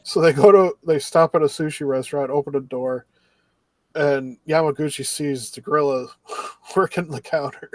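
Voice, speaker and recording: A man with a somewhat high voice talks through the plot in a relaxed, rambling way, slipping into the characters' lines as he goes. The sound is dry and close, with no room echo. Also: normal speed. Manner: rambling recap with acted-out quotes. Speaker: podcast co-host. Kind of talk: casual chat recapping an anime.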